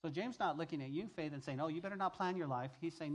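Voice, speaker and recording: A male pastor delivers an emphatic sermon, repeating key phrases and swinging between loud and hushed passages. His voice sits on the high side, and he speaks fast with hardly any pauses.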